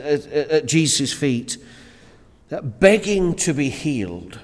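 A man's voice: on the high side, darkish tone. A man preaching a sermon to a church congregation in an earnest, emphatic way, often repeating words as he builds his points. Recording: reverberant church hall.

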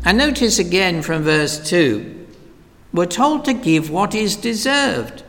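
A man's voice: high-pitched, expressive, slow pace, fairly bright tone. A man preaching a sermon in an emphatic, declamatory way, using rhetorical questions. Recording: long reverb in a large hall.

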